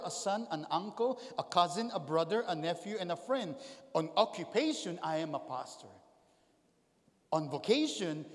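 Animated preaching pastor, echoey hall. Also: male voice, high-pitched. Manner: preaching with big swings from loud calls to quiet asides. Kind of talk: sermon. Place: large church hall.

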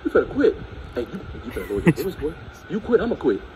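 A loud, pushy male basketball coach, played by a man in a comedy sketch, who nags his player in a high voice that jumps all over. He fires his words off fast over a crowd of noise. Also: sing-song, poor audio. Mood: badgering. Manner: rapid, badgering, shouting.

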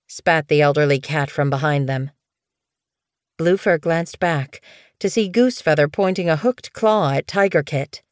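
A woman with a low voice narrates an audiobook in a calm, even storytelling manner. The recording is dry and close, with no room sound. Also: unhurried, clean tone, no echo. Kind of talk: scripted narration.

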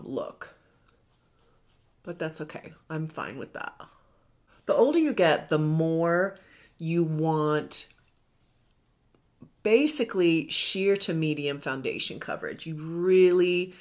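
Middle-aged woman w a low voice, rambly chatty beauty vlog talk, pokes fun at herself. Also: darkish tone. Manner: chatty, rambling, self-deprecating with laughs. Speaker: beauty vlogger. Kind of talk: makeup tutorial chat.

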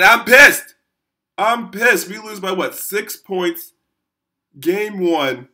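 A young man giving excited commentary over his own basketball video game, yelling at big plays and groaning at misses. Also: high voice, slow pace. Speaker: gaming YouTuber. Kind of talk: excited live gameplay commentary.

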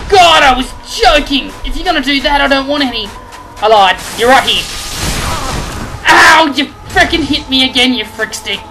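A woman doing let's play commentary, excitable and trash-talking the enemies she fights. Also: sits high, moderate pace, low-quality recording. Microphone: headphones and desk mic. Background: game music.

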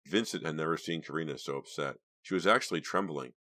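Reading steadily and with measured pacing throughout, a man narrates an audiobook from a script. His voice is exceptionally deep, sitting at the very bottom of the male range.

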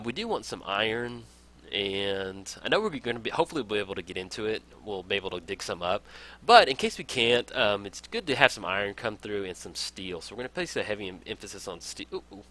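A man's voice: on the low side, pushed and bright. A young man casually talking through a strategy game as a let's play host, upbeat and enthusiastic, laughing often. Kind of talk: casual game tutorial commentary.

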